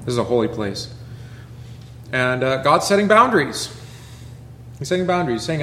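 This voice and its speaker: Pastor guy leading a bible study, mid-pitched voice, loose chatty asides, little bit of room noise. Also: sing-song, normal speed, long pauses, a bit bright, roomy sound. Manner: conversational, full of rhetorical questions and asides. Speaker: pastor teaching a Bible class. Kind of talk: informal Bible teaching.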